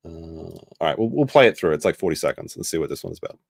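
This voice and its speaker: Brief: lowish male commentator, lively swinging delivery, dry close sound, rambling and self-correcting. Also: fast talker, vocal fry, no room sound. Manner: rambling, self-correcting, mimics people he quotes. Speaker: commentary streamer. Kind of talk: casual live commentary.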